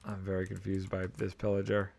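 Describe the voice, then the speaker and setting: A man's voice: sits low, monotone, a little fast, creaky, darkish tone. A man streaming a video game, chatting casually and thinking aloud, mildly exasperated and joking as he plays, talking into a desk microphone. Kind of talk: casual gameplay commentary.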